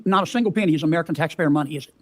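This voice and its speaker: A man questioning a military officer at a hearing, asking folksy leading questions with halting restarts. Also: fairly high pitch.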